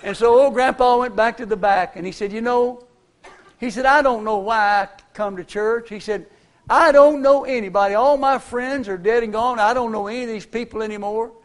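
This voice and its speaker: A man's voice: extremely high pitch, normal speed. An older man preaching a sermon, telling folksy personal stories in a conversational way.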